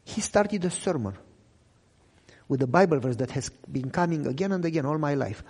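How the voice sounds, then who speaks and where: A young man preaches an emotional testimony in English, which is not his first language. His voice sits fairly high and leaps widely, with a husky edge. It rings out in a hall with a long echo. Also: animated, moderate pace. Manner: dramatic, swinging from loud cries to hushed low lines. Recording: echoey hall reverb.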